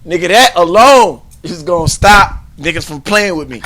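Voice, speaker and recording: A boisterous man spinning a story on a casual podcast, cursing freely and swinging widely in pitch. His voice sits a little high for a man. A faint noise runs under the recording. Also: lively intonation, moderate pace, hardly any pauses. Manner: profane, boisterous, bursts into shouted karate yells. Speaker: podcast co-host.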